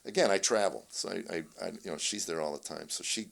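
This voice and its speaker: A low-voiced older man with a gravelly texture spins family stories as a comedian guest in a casual interview. He is animated, switching into the voices of the people in his stories. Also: fast. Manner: animated storyteller, acts out family dialogue.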